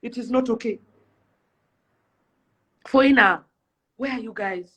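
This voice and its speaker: A woman's voice: a little high, slow pace, fairly bright tone, slightly rough. A young Kenyan woman delivering an impassioned rant to camera, pleading and fiery, firing off rhetorical questions. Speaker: celebrity influencer.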